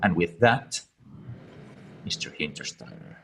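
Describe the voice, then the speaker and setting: A man with a very low voice co-hosts a webinar. He speaks in a chatty, self-deprecating way and often restarts his sentences. There is a faint noise behind him. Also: big pitch swings, measured pace, gravelly, fairly bright tone, poor audio. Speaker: webinar co-host. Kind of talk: casual webinar talk.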